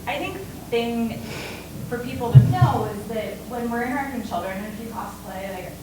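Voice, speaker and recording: A woman's voice: on the high side, animated, brisk. Chatty woman, echoey and distant. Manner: chatty, many fillers and "right?". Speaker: costume volunteer panelist. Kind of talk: panel talk. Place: convention panel room. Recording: echoey hall from far off, noisy.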